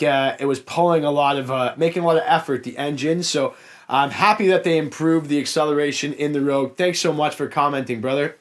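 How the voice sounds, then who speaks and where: A young man with a Canadian accent from the Niagara area, with a voice that sits a little high for a man. He answers viewer comments in a casual Q&A. He talks frankly and chats straight to the viewers. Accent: Canadian, Niagara Ontario. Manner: frank, chatty, addresses viewers as guys. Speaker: car salesman and YouTube host.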